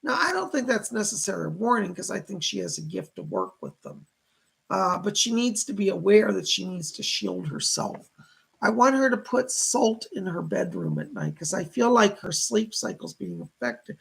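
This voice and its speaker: A man's voice: high-pitched, sing-song, normal speed, gravelly, a bit bright, slightly rough, poor audio. A man hosting live-stream psychic readings. He reads viewer messages aloud and relays spirit messages. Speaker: psychic reader, show host.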